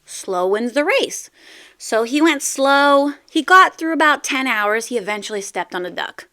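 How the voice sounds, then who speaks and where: A woman podcast host with a bright, forward voice that sits a little high. She speaks in an encouraging, upbeat way and tells stories with animation. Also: normal speed. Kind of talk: upbeat motivational talk and joke-telling.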